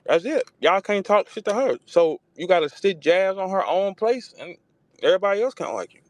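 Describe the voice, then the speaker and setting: A man hosting a casual live audio chat, talking in an animated, profane way and acting out quotes. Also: high-pitched, a little fast, no room sound. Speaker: host.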